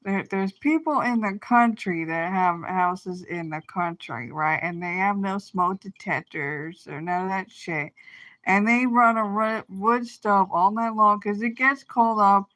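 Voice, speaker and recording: A woman's voice: mid-range voice, measured pace, fairly bright tone. A woman livestreaming an angry, rambling rant full of swearing, trailing off and restarting her thoughts. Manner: profane, rambling, venting with frequent restarts.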